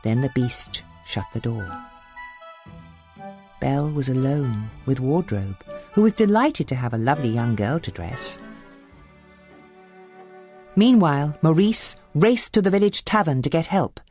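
A woman reading a children's storybook aloud with expressive delivery, faint music behind. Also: very deep voice, unhurried, pauses often. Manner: expressive, animated.

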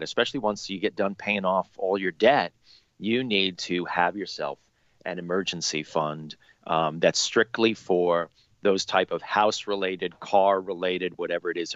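A man's voice: low-pitched, no room sound, muffled recording. A man co-hosting a podcast about money, chatting casually with lots of ums and restarts. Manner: relaxed, filler-heavy. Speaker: podcast co-host.

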